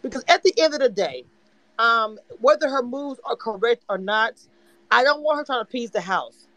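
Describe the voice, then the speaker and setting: A man's voice: very high voice, expressive, normal speed, sharp tone, no room sound, rough recording. A man hosting a live audio chat room, ranting in a profane, fired-up casual way. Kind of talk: heated casual fan talk.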